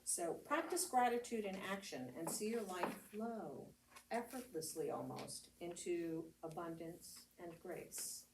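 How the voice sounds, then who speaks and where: A woman's voice: fairly low pitch, animated, a little slow, vocal fry. American lady pastor chatting thru her sermon, sounds kinda far off in an echoey room, faint hum behind. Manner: chatty storytelling with laughs and fillers. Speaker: reverend giving a homily. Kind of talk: casual conversational sermon. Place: church meeting hall. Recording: roomy hall, speaker heard from a distance, faint ambience.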